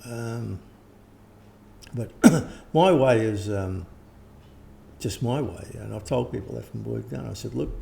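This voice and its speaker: An older man, talking casually and rambling as an interviewed teacher, often clearing his throat. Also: mid-range voice, slow pace, mellow. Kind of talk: casual conversation.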